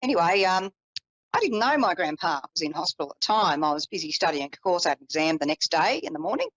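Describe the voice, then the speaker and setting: A woman psychic telling a personal story in a chatty, animated way, with self-deprecating asides. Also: on the low side, quick pace, no echo, dull audio. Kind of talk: personal storytelling on a live call-in show.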